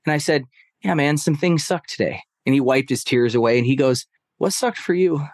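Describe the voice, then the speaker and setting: Guy telling a story on a podcast, gets animated doing voices, dry mic sound. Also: medium pitch, brisk, no echo. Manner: animated, acts out quotes of his stepson. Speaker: podcast guest. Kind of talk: casual storytelling.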